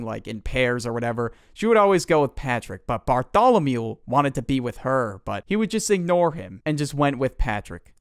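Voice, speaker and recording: A man's voice: fairly high pitch, clean tone, dry recording, clean studio sound. A young man narrating a storytime in a casual, slangy and profane way, joking as he goes. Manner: slangy, profane, jokey retelling. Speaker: storytime YouTuber.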